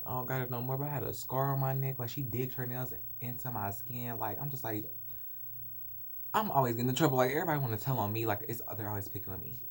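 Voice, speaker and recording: This man talks fast in a medium pitch with fairly even intonation, recounting something that happened to him straight into his phone camera. The vlog is loose and rambling, peppered with "like," and he imitates the voices of the characters in his story.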